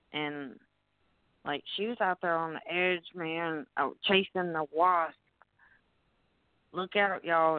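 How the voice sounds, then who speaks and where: A woman's voice: lowish voice, smooth, no echo. Woman, Southern US accent, rambling co-host, cursing storyteller, tinny phone line, dry sound. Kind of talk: casual call-in radio chat.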